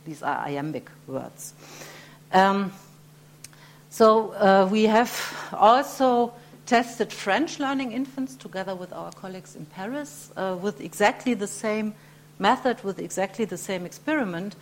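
A woman gives an academic lecture at a mid pitch. She talks hesitantly, with many fillers and restarts, and now and then clears her throat. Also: lively intonation, a little slow, a little hiss or hum. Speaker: researcher giving a lecture.

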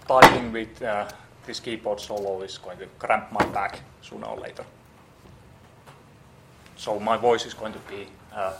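A man's voice: fairly low pitch, a bit bright, slight background noise. A man lecturing on programming, typing as he explains and thinking aloud with many fillers and restarts.

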